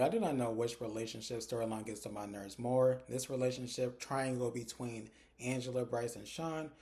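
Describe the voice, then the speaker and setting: Here a TV recap reviewer recounts an episode scene after scene, now and then voicing the characters' lines himself. He's chatty and relaxed, addressing viewers directly in a mellow, warm voice pitched in the middle.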